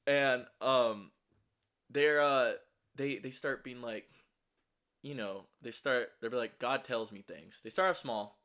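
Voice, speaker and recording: A young man tells a story in casual talk, rambling and swearing as he stumbles through restarts and fillers. He sounds shaky and anxious, and his pitch sits in an ordinary middle range. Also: takes it slowly, pauses often, fairly bright tone, smooth.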